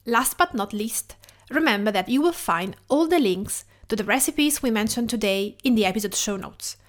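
A woman's voice: fairly high pitch, expressive, normal speed. Italian woman hosting a cooking podcast. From Tuscany, Italy. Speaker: podcast host and home cook. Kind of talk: scripted podcast narration.

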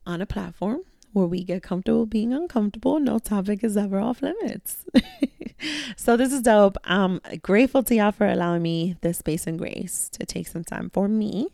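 A woman's voice: medium pitch, normal speed, gravelly, mellow, dry recording, clean studio sound. A woman hosting her own podcast, talking candidly and reflectively in a casual monologue, with slang and swearing. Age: adult, a mother. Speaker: podcast host; mentor to young women.

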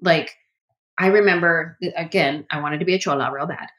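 Woman comedian, podcast guest, animated anecdotes with voiced quotes. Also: low-pitched, normal speed, muffled recording. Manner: animated storytelling, acts out quotes. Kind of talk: casual interview chat.

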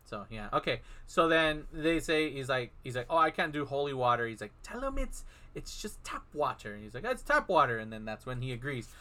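A man's voice: mid-range voice, brisk, hardly any pauses, pushed and bright. A man co-hosting a podcast, casually recapping a film and acting out the characters' lines as he goes. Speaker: podcast co-host.

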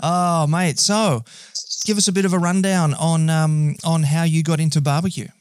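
A man's voice: fairly high pitch, fairly even intonation, moderate pace, clean tone, no room sound. An Australian man hosting a podcast, talking in an upbeat, chatty way with friendly banter. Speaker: podcast host. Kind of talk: casual podcast chat.

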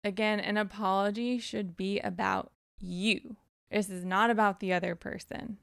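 A woman's voice: medium pitch, fairly even intonation, moderate pace, vocal fry, fairly bright tone, smooth, no room sound, clean studio sound. A woman giving casual, direct advice and counting off numbered points in a frank way.

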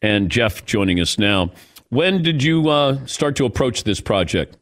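A man hosting a sports talk radio show, introducing a guest and asking brisk questions. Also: mid-range voice, big pitch swings, a bit bright.

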